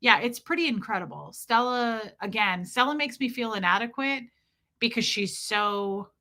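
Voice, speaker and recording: A woman hosting a livestream, reading viewer comments and mimicking people in animated put-on voices. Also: fairly high pitch, moderate pace. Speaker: livestream host.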